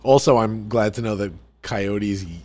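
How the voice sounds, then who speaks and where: A man from the New York area, telling family stories in casual podcast chat, animated and full of restarts. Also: on the low side, moderate pace. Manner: animated storyteller, restarts sentences.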